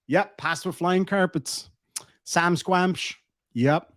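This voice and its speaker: A man's voice: high voice, slow, a bit bright, dry recording, clean studio sound. An Irish man casually chatting to his live-stream audience, laughing often and swearing freely. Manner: profane, laughing, quoting lines.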